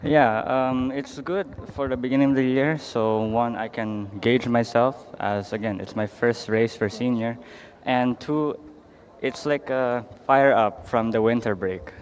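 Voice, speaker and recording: A man's voice: mid-range voice, unhurried. A male racing driver from the Philippines, out of breath after a race, answering hesitantly with many fillers. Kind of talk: post-race interview.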